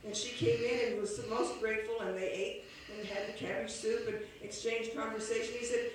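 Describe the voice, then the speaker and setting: Woman telling an old story, slow and homey, lots of echo, mic far off. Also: a little high, level tone, a little hiss or hum. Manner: unhurried, homespun, with small restarts. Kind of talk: oral storytelling of a classic tale. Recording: echoey room from far off, faint ambience.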